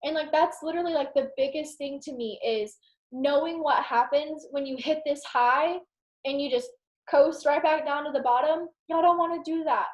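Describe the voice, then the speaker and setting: A young woman giving a casual, rambling motivational talk to her team on a video call, animated and full of "like". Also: high-pitched, moderate pace. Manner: animated, rambling, heavy use of "like". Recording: roomy echo.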